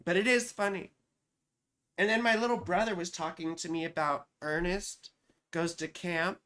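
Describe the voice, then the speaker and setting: A woman's voice: on the low side, fairly even intonation, moderate pace, a bit bright. A woman astrologer hosting a live stream, chatting casually, reading out viewer comments, swearing freely and joking at her own expense. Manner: joking, profane, teasing.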